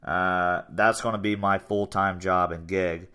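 A man in his twenties talks in a loose, rambling way, upbeat and a bit self-promoting. His voice sits low and comes through smooth and resonant. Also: fairly even intonation, a little slow, bright, forceful tone. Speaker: podcast host and gym owner. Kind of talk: casual chat.

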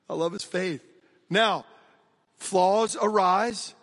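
A man's voice: high-pitched, very slow, fairly bright tone, long reverb tail. An American man preaching a sermon, talking conversationally and energetically, turning often to address the congregation directly. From United States. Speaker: pastor.

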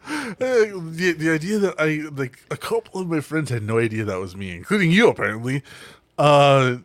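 Animated man in casual podcast chat. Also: on the high side, normal speed, no room sound. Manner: animated, swearing, laughing often. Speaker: podcast co-host, voice actor.

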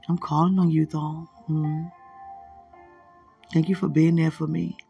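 Gravelly man in an emotional monologue. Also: on the high side, level tone, a little slow, pauses often, faint music behind. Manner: emotional, laughing, drifting into hushed murmurs. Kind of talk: emotional spoken monologue to a loved one.

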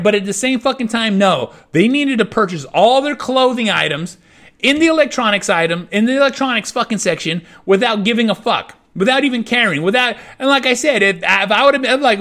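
High-voiced man ranting, swearing nonstop. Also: a bit bright. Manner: profane, fuming, repetitive swearing. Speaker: podcast host. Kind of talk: angry rant monologue.

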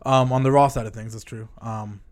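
A man co-hosting a wrestling podcast in casual chat, with a showy, loud opening and chatty delivery. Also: mid-range voice, steady tone, a little fast. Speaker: podcast co-host.

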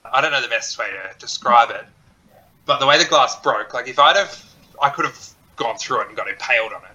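A man's voice: medium pitch, a little fast, lo-fi sound. A man co-hosting a podcast, chatting casually and telling stories with plenty of swearing and self-mockery. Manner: animated, swears freely, self-deprecating storyteller. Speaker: podcast co-host. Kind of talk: casual chat.

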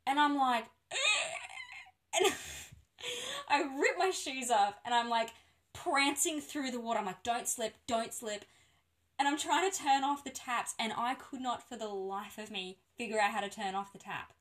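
A woman casually telling a birth story on a podcast, animated and laughing often. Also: a little high, normal speed.

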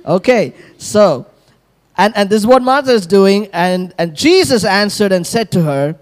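A male pastor preaches in an unhurried, deliberate rhythm. His voice sits high and swoops widely as he animates scripture and calls for responses from the congregation. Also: expressive. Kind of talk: sermon.

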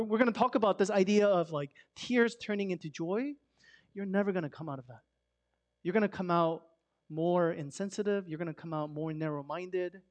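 Guy preaching, high voice, casual sermon, lots of "why?" questions, gets loud then goes soft. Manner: conversational, swings between loud emphasis and soft hush; asks rhetorical questions. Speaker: pastor.

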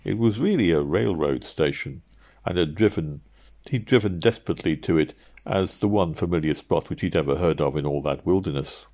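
A man narrating an audiobook in a measured, steady reading. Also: low-pitched.

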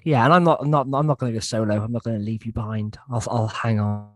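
A man's voice: medium pitch, quick pace. Laid-back man podcast co-host. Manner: laid-back, jokey, rambling. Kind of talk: casual chat. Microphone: remote call mic.

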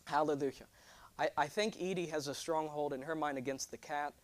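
Young guy preaching, fairly high voice, lively and jokey, calls out to the church. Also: fairly quick. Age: 20s. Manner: animated, joking, call-and-response with congregation. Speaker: pastor. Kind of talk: sermon.

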